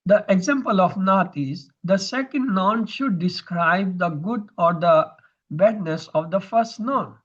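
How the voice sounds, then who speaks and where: A man's voice: high-pitched, measured pace, dull audio. A man teaching Arabic grammar in an online lesson, explaining terms step by step over a video call.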